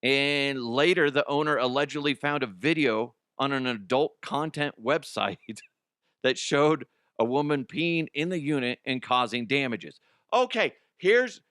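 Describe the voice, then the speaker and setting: A man's voice: mid-range voice, a bit bright, smooth, no echo, clean studio sound. A middle-aged man hosting a comedy news show, rambling casually with profanity and lots of restarts.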